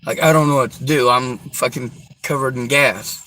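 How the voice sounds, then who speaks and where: Bright-voiced man swearing through a rambling story. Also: mid-range voice, moderate pace, a little hiss or hum, poor audio. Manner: profane, rambling, repeats himself. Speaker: vlogger telling a personal story. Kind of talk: casual spoken storytelling to camera.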